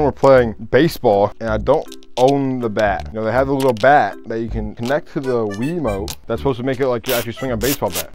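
Young man, gameplay commentary, loud and excitable, swears a lot, faint game music behind. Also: mid-range voice. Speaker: gaming YouTuber.

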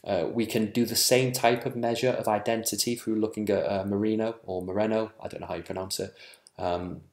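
A man presenting survey research at a conference, measured and full of ums and small self-corrections. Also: on the low side, fairly even intonation, creaky, echoey room.

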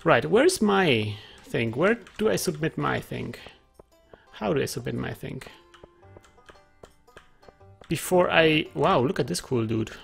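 A man's voice: fairly high pitch, lively intonation, slow pace, vocal fry, long pauses, husky, faint music behind. A man giving casual let's play commentary, chatty, thinking aloud and reading game text aloud.

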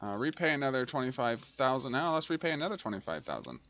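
Very animated and fast, a man of medium pitch and fairly bright tone hosts a casual let's-play of a transport tycoon game. He scolds and grumbles at the game aloud whenever things go wrong, and the audio is dull.

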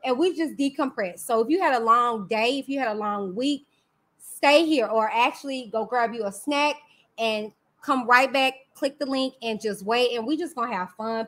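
A woman with a Texan accent hosting a live stream, talking candidly and lively straight to her viewers. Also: a little high. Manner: lively and candid, talks straight to viewers with "y'all" and "you know what I'm saying". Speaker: livestream host. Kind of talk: casual live-stream commentary.

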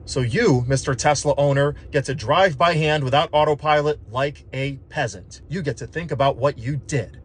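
A man's voice: fairly high pitch, moderate pace, few pauses, breathy edge. A man talking in a casual, wry, explanatory way, full of "like" and "just". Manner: conversational, wry, uses lots of filler like "like" and "just". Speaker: physician assistant vlogger.

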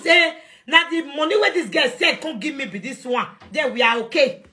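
Nigerian woman, young adult, heated live rant, high and bright, confrontational, phone mic. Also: moderate pace. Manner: confrontational, defiant, shouting at times. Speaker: live-stream host.

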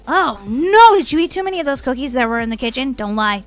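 A woman hosting a family role-play game video, bratty, teasing and quick to shout. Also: high voice, expressive. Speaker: gaming channel host playing Molly.

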